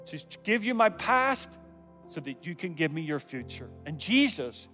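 A man preaching a sermon and leading an altar call, swinging from loud calls to hushed near-whispers, with humorous asides. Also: fairly high pitch, very animated, measured pace, in a large hall, faint music behind. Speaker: guest preacher. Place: large church auditorium.

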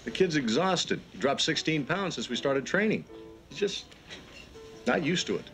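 An evasive team executive, 70s TV, animated voice, music bed. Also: male voice, fairly high pitch, normal speed. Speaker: team manager and talent scout. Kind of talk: 1970s TV drama acting.

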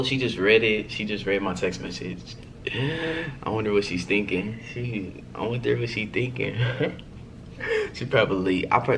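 A young man with a lowish, slightly bright voice vlogs a text prank, chatting casually and playfully to camera for his viewers and laughing often. A little hiss or hum is audible.

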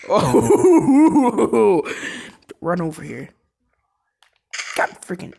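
A woman doing let's play commentary on a game, excitable and prone to shouting and laughing. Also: medium pitch, moderate pace. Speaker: gameplay commentator.

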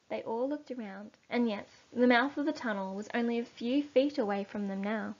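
A woman teacher reading a children's story aloud for a lesson, slow and expressive. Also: on the high side. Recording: dull lo-fi recording.

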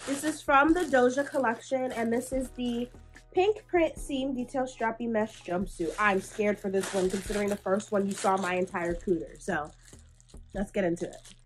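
Poor audio carries this young woman's higher-pitched voice at a normal speed as she chats through a try-on haul of clothes. A fashion vlogger, she's sassy, blunt and animated, a little breathless from the heat, and keeps addressing viewers as sweetie.

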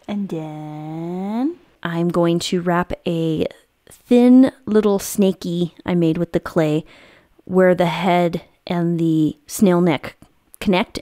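A woman's voice: fairly low pitch, dark tone, dry recording, studio quality. A woman hosting a crafting video, narrating her clay project in a casual, chatty, self-deprecating voice-over with filler words.

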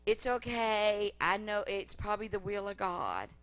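A woman preacher voicing a meek elderly churchwoman, resigned to her illness, in a soft, hesitant acted quote within a sermon. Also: mid-range voice, lively intonation, measured pace, soft background music.

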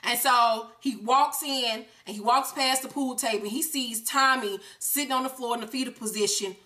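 High bright profane woman recapping TV. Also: normal speed. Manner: animated, profane, acts out characters. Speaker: TV recap host. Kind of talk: casual profane episode recap.

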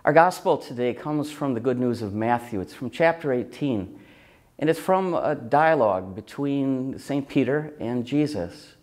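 A man of middle pitch delivers a Sunday reflection as a bishop. He speaks conversationally, like a storyteller, and gives voice to the people in his stories. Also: animated, a little slow, a little mellow. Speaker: auxiliary bishop.

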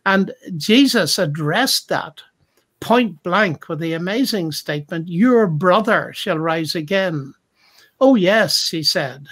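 Speaking as a Christian apologist, a man takes part in a thoughtful discussion with a high, fairly bright voice. He's reflective and retells stories, acting out the quotes.

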